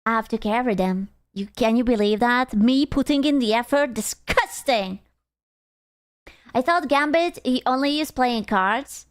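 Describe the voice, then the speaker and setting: Here a woman on a live stream answers chat questions and chats with viewers, swearing freely, complaining, and making fun of herself in a playful way; she uses a desktop mic. Her voice sits a little high and is clear and resonant, moving at a normal speed with few pauses. The audio is echo-free and studio quality.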